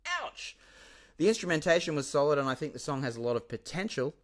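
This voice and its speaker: A man hosting his own podcast, talking casually on his own and swinging from quiet asides to loud, swearing outbursts. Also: a little high, rapid-fire. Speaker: podcast host and musician. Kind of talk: casual solo podcast monologue.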